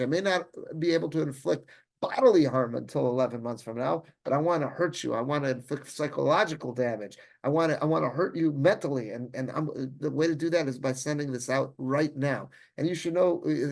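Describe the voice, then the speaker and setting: A rabbi leads a Torah class in an animated, conversational style, frequently restarting sentences and weaving in Hebrew terms. His voice runs on the high side and sounds gravelly.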